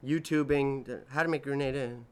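Hosting a casual solo podcast, a man in his twenties rambles through stories, swearing and correcting himself. He has a medium-pitched, clean voice with a steady tone, speaking a little fast.

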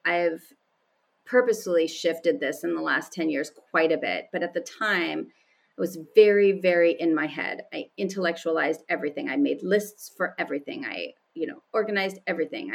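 A woman's voice: low-pitched, moderate pace, creaky. A woman guest speaking candidly and with animation, telling personal stories in conversation and laughing often. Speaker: podcast guest.

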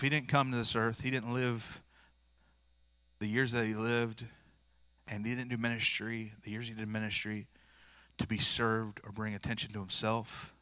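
A man's voice: lowish voice, level tone, moderate pace, sharp tone, no room sound. A male pastor preaching a sermon in a plain-spoken, earnest, informal way, restarting phrases often. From rural area.

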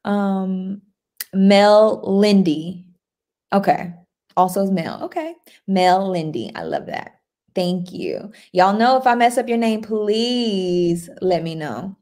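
A woman's voice: medium pitch, very animated, a little slow. Upbeat woman hosting a livestream. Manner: warm, upbeat, chatty, reads out viewer comments. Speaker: livestream host. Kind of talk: casual live-stream chat.

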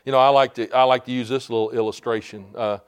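A man preaching a fervent sermon as pastor, building to shouts and calling out "Amen?" to the congregation. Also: medium pitch, steady tone, fast talker, clean tone.

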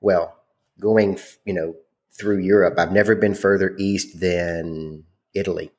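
Deep-voiced male podcast host. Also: fairly even intonation, unhurried. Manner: restates points carefully, with fillers. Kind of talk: casual chat.

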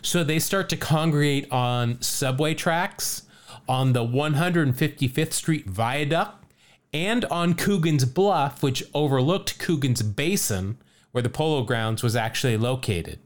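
Animated man telling a story. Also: medium pitch, a little slow. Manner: animated, laughs often, reads quotes aloud. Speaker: podcast host. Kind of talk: casual storytelling chat.

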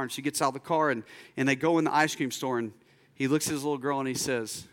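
A young man preaching a sermon as a pastor, telling a story and acting out the voices in it, dropping low and slow for emphasis.

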